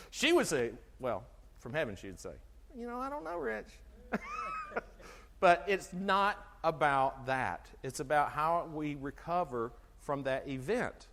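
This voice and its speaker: A middle-aged man giving an animated health talk to an audience, asking them questions and acting out conversations. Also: on the high side, takes it slowly, pauses often, slight background noise. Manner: animated, asks the audience questions, acts out dialogue. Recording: long hall reverb from a live talk.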